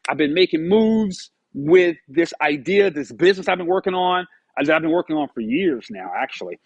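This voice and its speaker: Man, motivational vlog monologue, lively swooping delivery, slightly raised pitch, breathy edge. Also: normal speed, no echo, highs cut off. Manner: animated, storytelling, quoting himself in dialogue. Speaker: motivational vlogger.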